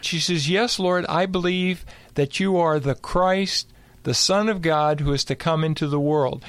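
A man's voice: on the high side, unhurried, fairly bright tone, smooth, no echo. A man co-hosting a theological discussion, explaining scripture by quoting it verse by verse. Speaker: co-host and Bible teacher.

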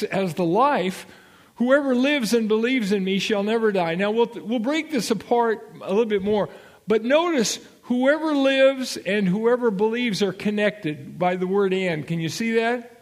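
High-voiced man teaching the Bible. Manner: emphatic, checks in with listeners, repeats key points.

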